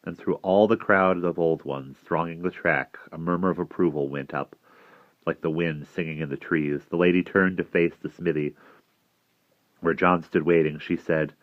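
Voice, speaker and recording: Deep voiced guy reading a book aloud, measured, restarts lines sometimes, dry kinda muffled audio. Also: steady tone, no room sound. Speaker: narrator. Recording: dry, slightly dull recording.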